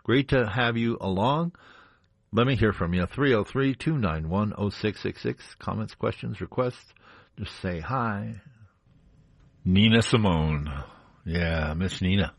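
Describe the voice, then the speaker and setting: A man with a very deep, slightly breathy voice hosts a jazz radio show. He talks easily and chattily between records, tossing in little jokes. The studio sound is close and dry. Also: measured pace, dry recording. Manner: relaxed, chatty, joking asides. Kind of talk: casual on-air chat. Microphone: studio microphone.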